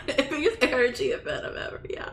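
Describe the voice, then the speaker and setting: A woman's voice: sits high, normal speed, a bit bright, faint music behind. A young woman giving casual, emotional commentary on a game playthrough, giggly and swearing freely. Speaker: gaming streamer.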